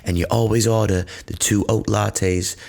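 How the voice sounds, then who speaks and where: A man's voice: lowish voice, steady tone, moderate pace, gravelly, darkish tone, pitched above the performer's own voice. A man voicing a chatty young woman barista calling on the phone, breezy and familiar.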